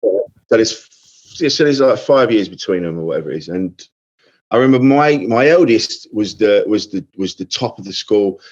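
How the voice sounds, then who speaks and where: A man's voice: lowish voice, expressive, normal speed, darkish tone, highs cut off. A man in his fifties, a comedian guest telling rambling anecdotes in casual podcast chat, often restarting and swearing.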